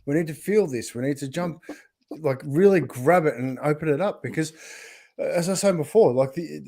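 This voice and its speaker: A man's voice: on the high side, normal speed, gravelly, dark tone. A man hosting an interview, encouraging his guest and building points as lists. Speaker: podcast host. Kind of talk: conversational interview.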